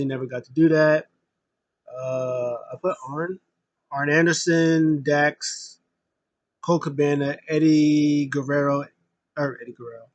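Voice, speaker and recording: A man's voice: mid-range voice, no room sound, highs cut off. A man recapping a wrestling tribute show in a casual, rambling way, full of fillers and open emotion as a fan. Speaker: wrestling vlogger.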